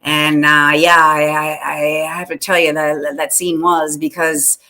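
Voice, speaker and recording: A woman's voice: low-pitched, flat delivery, measured pace, sharp tone. A woman hosting a casual livestream, chatting in a rambling way with lots of fillers and restarts and talking back to viewers by name. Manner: talks back to chat by name. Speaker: host.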